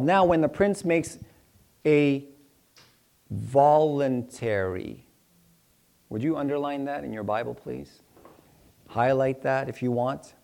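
A man's voice: fairly high pitch, warm tone. A middle-aged man, a pastor, teaching through a Bible passage in a chatty, joking way, often acting out little dialogues in other voices. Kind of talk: conversational Bible teaching sermon.

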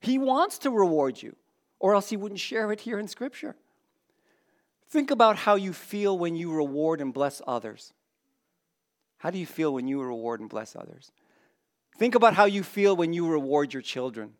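A man delivers a sermon in a church, his voice sitting a little high for a man. He preaches in a conversational way, addressing the congregation directly and teasing those in the front rows. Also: lively intonation, normal speed, long pauses. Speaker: pastor.

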